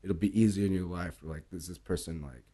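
A man's voice: sits low, brisk, breathy edge. A man talking casually in an interview, telling bar stories with lots of swearing and acting out quoted dialogue. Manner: animated storyteller, acts out quoted dialogue, swears freely. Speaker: bartender guest.

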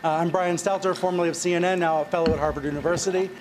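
A male panel moderator speaks in a chatty, slightly hesitant way. His pitch is a little raised, and clear background noise runs under the conference recording. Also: steady tone, racing.

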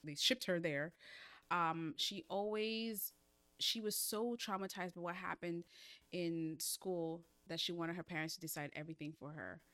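A woman co-hosting a casual book discussion podcast, animated and laughing often, with playful asides. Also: lowish voice, measured pace, clean tone, no room sound.

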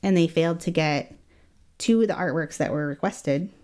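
A woman telling a true-crime story in casual chat, animated, laughing often and acting out quotes. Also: low-pitched, normal speed. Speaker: guest storyteller.

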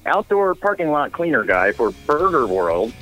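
A man spinning raucous stories on a talk radio show, his pitch swinging up and down as he gets into them. His voice sits mid-range, with a faint bed of music behind him and plenty of swearing. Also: moderate pace, low-quality recording. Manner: animated, profane anecdote-telling. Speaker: guest storyteller. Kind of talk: casual radio chat.

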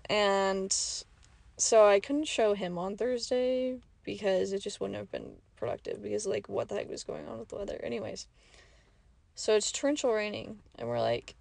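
A young woman hosting a casual podcast, rambling chattily with lots of fillers and dropping into soft whispered asides. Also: medium pitch, vocal fry. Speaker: podcast host. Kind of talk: casual chat.

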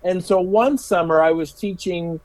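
A man's voice: high voice, normal speed, low-quality recording. A middle-aged man telling stories in a casual interview, a special education teacher who often repeats his words and laughs as he talks. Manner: animated, laughing storyteller.

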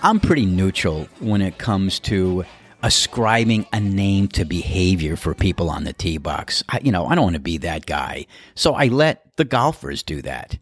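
Slightly rough and low-pitched, this golf course starter's voice moves at a moderate pace as he recounts a story casually. He acts out the other characters' voices in an animated way.

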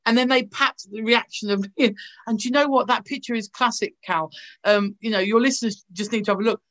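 A woman's voice: on the high side, fairly even intonation, a little fast, a bit bright. A woman, an actress, telling gushing anecdotes in a casual interview over a video call. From England. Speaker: actress guest.

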